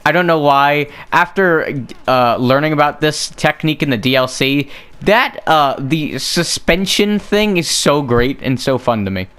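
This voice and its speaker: A man's voice: fairly high pitch, expressive, unhurried, a bit bright, clean tone. A young man giving casual gameplay commentary, rambling on tangents and joking at his own expense. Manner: rambling, joking, self-mocking. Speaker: gaming streamer.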